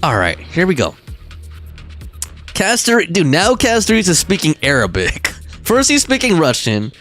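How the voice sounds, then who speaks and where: A man's voice: fairly high pitch, huge pitch swings, measured pace, fairly bright tone. A man streaming a video game, chatting casually with his viewers in a playful way and laughing often. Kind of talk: casual live-stream commentary. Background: game music.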